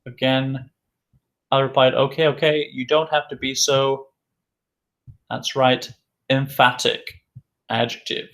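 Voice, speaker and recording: Man slowly drilling English vocabulary. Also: medium pitch, little pitch movement, fairly bright tone. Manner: slow, repetitive, drills each word several times; asks questions and answers them himself. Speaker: English teacher. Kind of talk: recorded vocabulary lesson.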